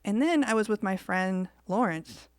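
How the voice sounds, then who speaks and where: A woman's voice: mid-range voice, animated, moderate pace, dry recording. A woman co-hosting a podcast, telling a story in casual chat and acting out the quoted lines. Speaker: podcast co-host.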